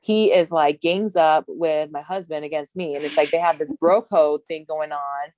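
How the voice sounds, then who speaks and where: A woman's voice: low-pitched, moderate pace, a little mellow, dry recording. A woman from Hawaii, a bodybuilding competitor, chatting as an interview guest, rambling and laughing, tired. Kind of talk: casual interview talk.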